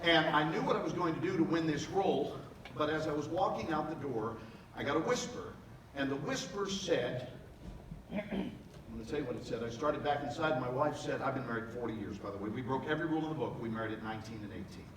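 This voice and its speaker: A man in his sixties giving a live motivational talk, telling comic stories in a playful, animated way with bursts of emphasis. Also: fairly high pitch, fast talker. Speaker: motivational speaker. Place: large event hall before a live audience. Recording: echoey hall, from far off, with noise.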